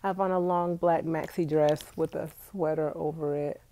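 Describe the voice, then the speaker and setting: A woman's voice: low-pitched, fairly even intonation, moderate pace, mellow. A young woman congested with allergies, chatting casually and directly to her viewers on a live stream from home. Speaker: vlogger. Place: indoors at home.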